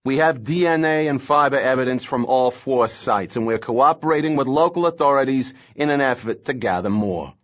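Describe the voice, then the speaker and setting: A man's voice: mid-range voice, lively intonation, moderate pace, hardly any pauses, lo-fi sound, voice pushed up, close to an everyday voice. A man voicing an angry, stocky federal agent in charge who speaks in a curt, abrasive way. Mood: brusque.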